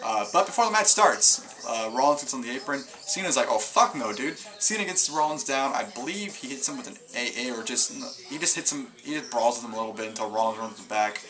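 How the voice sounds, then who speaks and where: A man's voice: medium pitch, animated, fast, hardly any pauses, sharp tone, poor audio. A man giving a casual video review of a wrestling show, rambling through his recap with lots of fillers and restarts. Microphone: camera mic.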